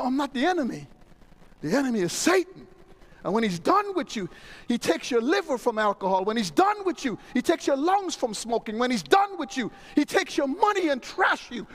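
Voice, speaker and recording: A middle-aged man delivers a sermon in a high voice. His pitch leaps and dips all over, and he acts out little exchanges in different voices. He shifts from loud proclamations to near-whispered asides. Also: poor audio. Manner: dramatic, voices others in dialogue, swings from loud to hushed. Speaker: pastor.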